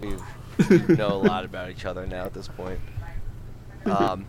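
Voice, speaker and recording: A man playing a tabletop game, talking in a wry, laid-back way that trails off quietly. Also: deep voice, animated, measured pace, long pauses, slight background noise. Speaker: player. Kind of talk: casual chat during a tabletop game.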